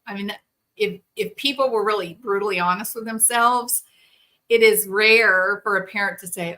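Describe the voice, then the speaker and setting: Woman, therapist-host type, earnest and lively monologue, bright and forward tone. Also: medium pitch, normal speed. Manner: earnest, animated storytelling with quoted voices. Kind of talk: conversational monologue.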